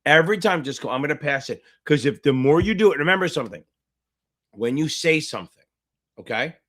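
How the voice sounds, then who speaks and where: A man tutoring for a finance exam, hosting a livestream Q&A, loud and profane, hyping viewers up and answering chat questions. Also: on the high side, lively intonation, a little fast. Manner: loud, profane, hyped-up coaching.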